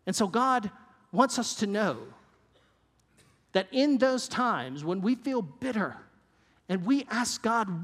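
Male pastor, high-pitched, earnest sermon delivery, hall reverb. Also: lively intonation, takes it slowly, long pauses, a bit bright. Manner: earnest, varies pace and drops low for emphasis.

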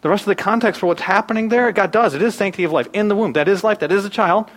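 A man in his thirties preaching a sermon, animated, swinging from loud bursts to hushed asides. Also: sits high, rapid-fire, low-quality recording. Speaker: pastor.

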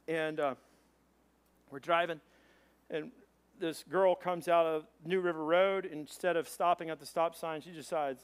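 A man preaching a sermon as pastor, telling a story in an animated way with quoted voices. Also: on the high side, measured pace, clear, resonant tone.

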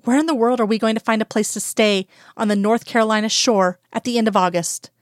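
A woman's voice: on the high side, a little fast, no echo, lightly acted. A woman reading the lines of a dry-witted, anxious woman agent, with tart remarks and whispered pleading in her inner thoughts. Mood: wry.

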